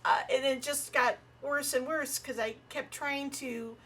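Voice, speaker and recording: A woman's voice: sits high, a little slow. A woman comedian and podcast guest chatting casually and telling personal stories, acting out the voices of the people in them. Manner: animated, acts out voices in her stories. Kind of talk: casual storytelling chat.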